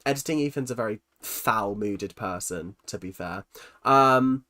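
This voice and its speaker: A man's voice: fairly low pitch, unhurried, sharp tone. A young man hosting a livestream, reading out chat comments and answering with teasing, self-mocking jokes and lots of ums. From London. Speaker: livestream host.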